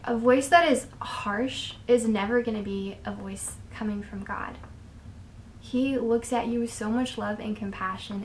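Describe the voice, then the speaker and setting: A woman's voice: medium pitch, a little hiss or hum. A young woman giving casual faith advice in an earnest, chatty way, drifting into small tangents. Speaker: faith vlogger.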